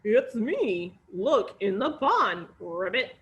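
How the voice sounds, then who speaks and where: A woman doing a croaky talking frog. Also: medium pitch, very animated, takes it slowly, lo-fi sound. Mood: wheedling. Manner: wheedling, coaxing. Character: cheeky enchanted male frog, a cursed prince.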